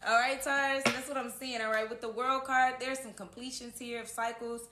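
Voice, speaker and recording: A woman's voice: a little high, steady tone, normal speed, hardly any pauses, bright, forceful tone, a little hiss or hum. A woman giving a casual tarot horoscope reading, earnest and encouraging, often checking in with "okay?", recorded in an echoey room at home. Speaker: tarot reader.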